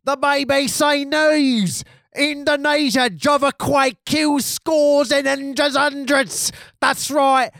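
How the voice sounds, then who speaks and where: A man putting on a shouting, grating English newsreader voice with a harsh buzzsaw tone. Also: very high-pitched, fairly even intonation, slow pace, creaky, dry recording, studio quality, voice pushed up, full character voice. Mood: blaring. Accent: put-on English. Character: shouting British male newsreader, grating and pompous.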